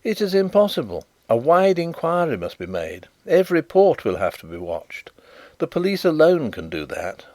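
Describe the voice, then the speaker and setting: A man reading an audiobook, voicing a good-humoured, shrewd male detective with measured delivery. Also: a little high, very animated, a little mellow, dry recording, voice pushed up. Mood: firm. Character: urbane blind male detective, genial and shrewd.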